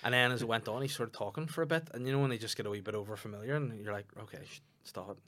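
A man's voice: medium pitch, rapid-fire. A young Northern Irish man, a comedian, chatting on a podcast and telling stories with acted-out quotes. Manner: animated storytelling, acting out quotes. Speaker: stand-up comedian and podcast co-host. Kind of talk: casual podcast chat.

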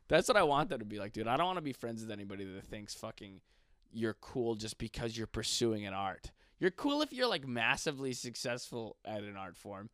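A young man in his twenties rants through a comic bit in a casual, slangy, profane way. His voice sits at an ordinary middle pitch. It is recorded dry and close, with no room sound. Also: big pitch swings, moderate pace, no echo. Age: 20s. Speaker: stand-up comedian. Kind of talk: profane comedic rant.

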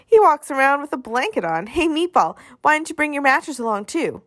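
A scrappy eight-year-old runaway boy, loud and bossy, forever mocking and yelling at his pal, as a woman reads him in a storybook. His voice sits well above her own and bursts out hard on every jab. The sound is close and dry, with no room at all. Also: sits high, sing-song, no room sound, voice pushed up. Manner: bossy, bickering, quick to yell.

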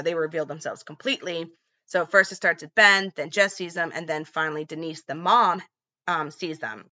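A woman's voice: low voice, sharp tone, muffled recording. A woman casually retelling a movie's plot in a chatty vlog, with lots of fillers. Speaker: movie recap vlogger.

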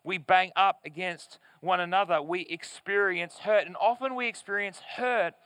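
A pastor preaching a sermon in church, reading scripture aloud and explaining it in an earnest, emphatic way with deliberate pauses. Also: male voice, sits high, steady tone, pushed and bright, clean tone, dry recording. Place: church service in front of a screen.

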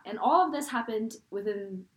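A woman's voice: a little high, moderate pace. Chatty young-sounding woman recapping. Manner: chatty, animated, frequent "like". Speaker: podcast co-host recapping a drama. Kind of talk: casual chat.

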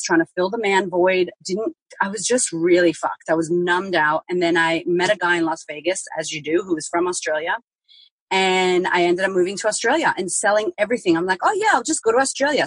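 A woman's voice: fairly low pitch, breathy edge, dry recording, low-quality recording. A woman speaking as a guest on a podcast, telling a personal story frankly and vividly, acting out what she said back then and swearing casually. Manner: frank and vivid, acts out her own past words, swears casually.

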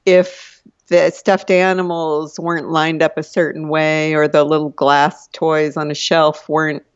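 Older woman guest, soft and hesitant, muffled dry recording. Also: sits low, level tone, unhurried, smooth, no echo. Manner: soft-spoken, hesitant, laughs often. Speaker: guest, the host's mother. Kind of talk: casual chat. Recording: dull lo-fi sound.

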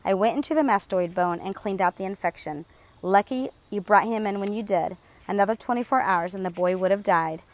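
A woman voicing a gentle, gray-bearded older surgeon who speaks softly and reassuringly in a storybook reading. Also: medium pitch, a little fast, close to an everyday voice, low-quality recording. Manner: soft, reassuring.

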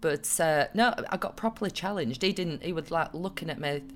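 Chatty woman, lowish voice. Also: brisk. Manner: chatty storytelling with frequent laughter. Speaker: podcast co-host. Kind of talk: casual chat.

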